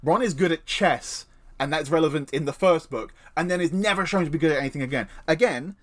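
A man's voice: on the high side, fairly quick. A man co-hosting a podcast, chatting casually and opinionatedly, swearing now and then. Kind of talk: casual chat.

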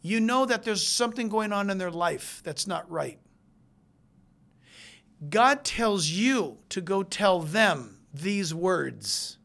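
A preacher delivering a sermon, moving between hushed, intense stretches and loud, emphatic ones. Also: medium pitch, vocal fry.

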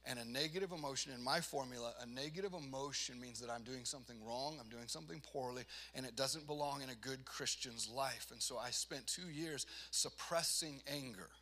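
A man's voice: medium pitch, fairly quick, few pauses, bright, forceful tone. A man giving a personal testimony sermon, earnest and self-deprecating, building to emphatic, rising delivery. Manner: self-deprecating, laughs at himself.

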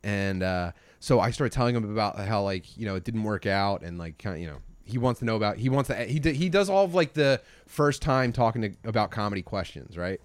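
Low-voiced man telling a rambling story. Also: animated, fairly quick, few pauses, no echo. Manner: rambling, profane, trails off quietly. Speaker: podcast co-host. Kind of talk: casual storytelling chat.

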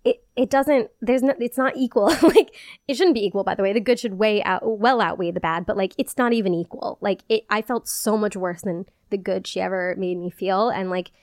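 A woman podcast host chatting casually on her own, filler words tumbling out as she talks, with little laughs in between. Her voice sits at an ordinary pitch for a woman. The recording is close and dry, with no room sound. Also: a little mellow, no echo. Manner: chatty, peppered with "like", quick bursts and giggles. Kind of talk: casual solo podcast chat.

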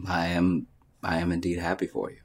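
A man's voice: sits low, completely flat delivery, brisk. A man co-hosting a podcast, joking and chatting in a laid-back way. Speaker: podcast co-host. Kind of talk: casual podcast chat.

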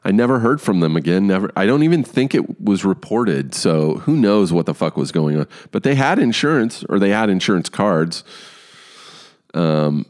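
A man hosting a podcast who tells a story on his own in a casual, animated way, swearing often. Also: deep voice, moderate pace. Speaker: podcast host.

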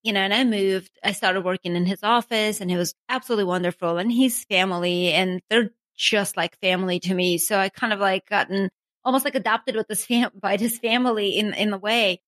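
A woman's voice: medium pitch, fairly quick, a bit bright, no room sound. A woman from Armenia, telling her own story in a chatty way, full of asides and self-mocking laughs. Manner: chatty, many asides like "you know" and "right?", laughs at herself. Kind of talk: casual storytelling.

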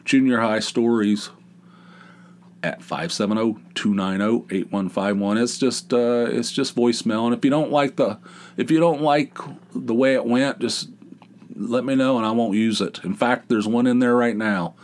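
A man's voice: medium pitch, normal speed, a little mellow. A man hosting his own podcast in a casual, rambling, self-deprecating monologue, with a big dopey voice and many restarts. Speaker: podcast host.

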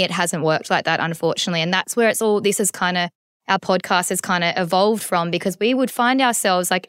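A woman in her thirties talks openly as an interview guest. Her voice is smooth and resonant. It sits in a dry, close room. She rambles a little, doubling back and reaching for words as she goes. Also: medium pitch, a bit bright, no room sound. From Australia. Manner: candid and emotional, many restarts and "like"s. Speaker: podcast guest. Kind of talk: conversational interview.

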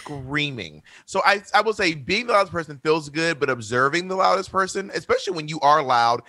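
Loud, campy man with a bright, forceful voice. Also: a little high, dry recording. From Georgia, US. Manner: loud, animated, campy and quick-witted. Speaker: podcast guest, drag performer. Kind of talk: casual chat.

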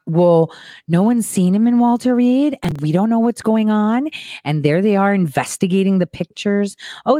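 A woman's voice: mid-range voice, darkish tone, no echo, clean studio sound. A woman hosting a commentary show, reacting to news clips with sarcasm and mocking impressions.

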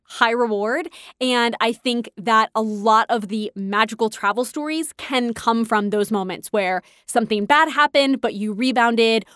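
A woman's voice: on the high side, fairly bright tone, no room sound, studio quality. A woman hosting a podcast, telling travel stories in a chatty, enthusiastic way and laughing often. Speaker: host. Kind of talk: casual storytelling podcast.

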